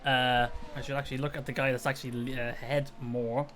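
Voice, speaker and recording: A man's voice: medium pitch, little pitch movement, brisk, a bit bright, a little hiss or hum. A tired Northern Irish man chatting casually on a late-night live stream, rambling and self-mocking with frequent chuckles. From Northern Ireland.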